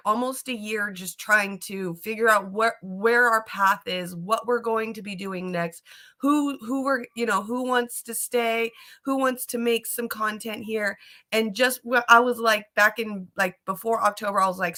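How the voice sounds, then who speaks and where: A woman's voice: medium pitch, bright, forceful tone. A young woman hosting a livestream, chatting casually and emotionally, rambling and stumbling over her words. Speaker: show host.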